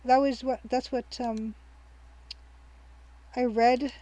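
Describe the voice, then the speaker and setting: A woman's voice: on the high side, fairly even intonation, takes it slowly, mellow, dull audio. Chatty woman narrating her gameplay. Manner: chatty and rambling, thinks aloud with frequent ums; cheerful, laughs easily. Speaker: streamer. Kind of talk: casual let's-play commentary.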